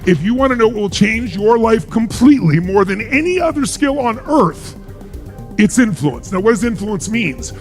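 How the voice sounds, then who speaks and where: A man's voice: high voice, expressive, normal speed, faint music behind. A middle-aged man giving a motivational speech to a live audience, emphatic and full of rhetorical questions. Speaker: motivational speaker.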